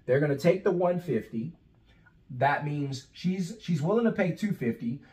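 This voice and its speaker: Male business coach, higher-pitched voice, casual instructional delivery, heavy on rhetorical questions. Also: expressive, normal speed, darkish tone, poor audio. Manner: conversational, asks rhetorical questions and acts out sales calls. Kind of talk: instructional talk.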